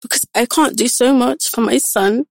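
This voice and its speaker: Gravelly-voiced young woman, frank and earnest. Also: on the high side, moderate pace, a little mellow, dry recording. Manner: frank, earnest, quotes others in dialogue. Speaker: guest. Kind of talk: candid personal talk.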